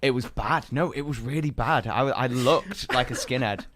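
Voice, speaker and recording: A man's voice: mid-range voice, normal speed, a crowd in the background. A British man in his thirties co-hosting a podcast, telling stories in rambling casual chat full of fillers. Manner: rambling, many fillers, animated storytelling. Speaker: podcast co-host.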